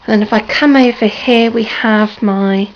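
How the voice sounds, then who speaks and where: A woman with a hoarse, sore-throated voice gives a slow, hesitant, apologetic tour of her room, with many ums. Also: on the high side, fairly even intonation. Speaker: crafting vlogger. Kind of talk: casual room tour vlog. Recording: dull lo-fi home video with faint noise.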